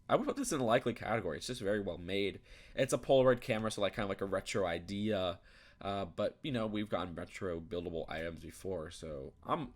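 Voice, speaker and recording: A young man giving casual commentary, thinking aloud with many fillers and restarts. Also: deep voice. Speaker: YouTube reviewer. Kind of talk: casual commentary while browsing.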